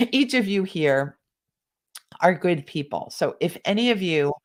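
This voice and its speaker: A woman's voice: lowish voice, animated, a little slow. A woman leading a live online workshop, speaking encouragingly to participants and stopping now and then to cough and sip tea. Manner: encouraging, reads chat comments aloud. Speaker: workshop coach.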